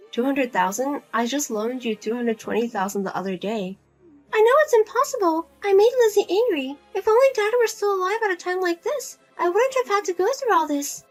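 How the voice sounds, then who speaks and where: A woman voicing a whiny, nagging older mother. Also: very high voice. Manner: nagging, whiny, guilt-tripping. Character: spendthrift widowed mother, pushy and self-pitying. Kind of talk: narrated drama story.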